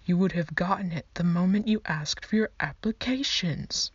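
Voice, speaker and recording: A woman's voice: on the low side, moderate pace, husky, no echo, pitched above the performer's own voice. A woman voicing a goofy, fussy male skeleton clerk who talks down to people in an awful fake accent. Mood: condescending. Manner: terrible fake put-on accent. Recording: dull lo-fi dry recording.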